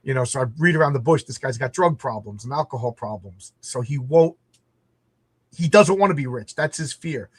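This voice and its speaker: A man's voice: medium pitch, normal speed, breathy edge, no room sound. A middle-aged man, hosting a casual chat and acting out quotes as he tells stories. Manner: animated storyteller, acts out quotes. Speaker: podcast host.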